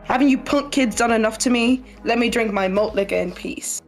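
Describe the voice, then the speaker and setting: A woman's voice: on the high side, fairly quick, soft background music, close to an everyday voice. A woman voicing a grumpy, drunk old man who lives alone and complains about kids. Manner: gruff, irritable complaining.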